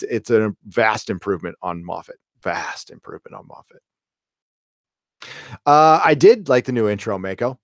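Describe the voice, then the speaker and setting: A man's voice: lowish voice, gravelly, no room sound, studio quality. A middle-aged man hosting a casual live show, talking in a rambling, blunt way and swearing freely. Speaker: host.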